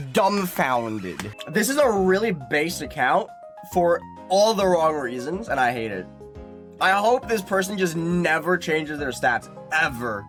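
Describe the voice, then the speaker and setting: A male gaming streamer chatting casually over a faint music bed. His voice swings widely in pitch, and he breaks into excited shouts and laughter at the game. He swears freely and jokes around.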